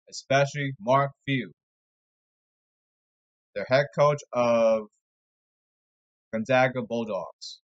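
A man's voice: medium pitch, slow pace, pauses often, a bit bright, dull audio. A man giving a rambling, sarcastic sports commentary monologue, exasperated and jumping from topic to topic. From New York area.

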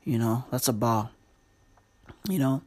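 A woman's voice: rumbling low, measured pace, background noise. A woman hosting a casual comedy chat, loose and profane, full of slang and rambling asides.

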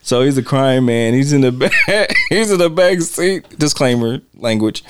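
A man's voice: mid-range voice, moderate pace, hardly any pauses, clear, resonant tone. A man hosting a podcast, chatting casually about a film and acting out its lines with laughs. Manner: animated, acts out movie quotes with laughs. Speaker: podcast host.

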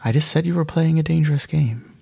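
A man voicing Monarch, a female AI voice in his head that teases softly and slyly. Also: a little high, fast, creaky, slightly rough, no echo, voice pushed up, full character voice. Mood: teasing.

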